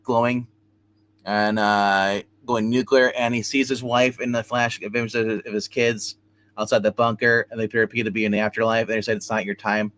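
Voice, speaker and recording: On his live comic book review stream, a man with a lowish voice speaks at a moderate pace. He narrates a story with casual animation, acting out what the characters say.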